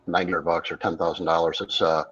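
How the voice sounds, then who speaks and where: A man with a very deep voice talking easily as a stream guest, unhurried and full of small hesitations. His audio comes through dull and lo-fi. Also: a crowd in the background. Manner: relaxed, hesitant, lots of "you know" and "uh". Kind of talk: casual live-stream chat.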